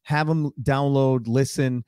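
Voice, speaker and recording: A man's voice: mid-range voice, steady tone, takes it slowly, darkish tone, clear, resonant tone, no room sound, studio quality. A man hosting a comedy podcast in casual chat, upbeat and chatty, swearing now and then. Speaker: podcast host. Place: home studio room.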